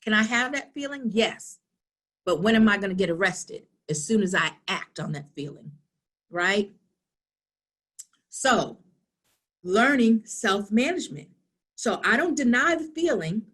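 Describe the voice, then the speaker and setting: A middle-aged woman giving a lively conversational talk at a town hall, asking rhetorical questions and acting out past conversations. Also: mid-range voice, a little slow, pauses often. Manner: animated, asks rhetorical questions, acts out dialogues. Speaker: town hall speaker on youth.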